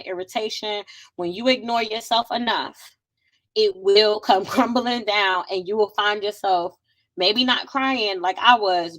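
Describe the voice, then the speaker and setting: A woman with hosts a faith podcast in a relaxed, heartfelt way. She talks straight to her listeners, slipping into a preaching tone and laughing as she goes. Her voice sits at an ordinary middle pitch. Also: rough recording. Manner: earnest, conversational, preachy with laughs. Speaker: podcast host. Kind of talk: casual faith talk podcast.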